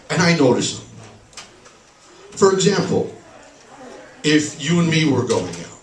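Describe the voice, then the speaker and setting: A man's voice: fairly high pitch, a little hiss or hum. Sarcastic stand-up man in an echoey bar. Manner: sarcastic, deadpan punchlines. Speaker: stand-up comedian. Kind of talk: stand-up comedy set. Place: bar stage, live room. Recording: echoey bar recorded from a distance.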